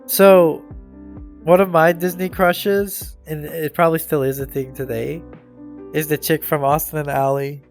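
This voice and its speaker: A young man hosting a casual live stream, talking in loose, slangy, animated bursts. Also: fairly high pitch, unhurried, gravelly, soft background music.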